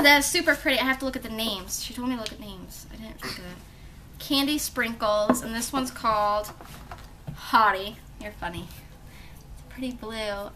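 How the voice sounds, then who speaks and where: Brief: young mom vlogger, high lively voice, gushing over gifts, noisy home room. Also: female voice. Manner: gushing, gasping, chatting to her small daughter. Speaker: beauty vlogger, mother. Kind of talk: excited unboxing vlog.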